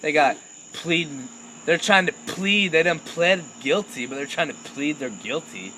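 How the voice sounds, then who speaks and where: A young man tells a crude comic story, laughing at his own punchlines. His voice sits fairly high, bright and forceful, swinging widely in pitch. Faint crickets chirp behind him outdoors at night. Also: animated, a little slow, a little hiss or hum, rough recording. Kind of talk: casual comic anecdote.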